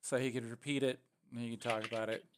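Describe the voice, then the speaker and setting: A man narrating a tabletop game as dungeon master, casual and halting with many fillers. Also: medium pitch, flat delivery, noisy background.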